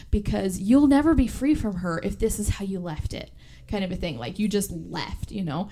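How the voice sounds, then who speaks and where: A woman's voice: medium pitch, a little fast, a little mellow, a little hiss or hum. A woman co-hosting a podcast, recapping a movie in casual chat, acting out the characters' lines and swearing freely. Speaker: podcast co-host.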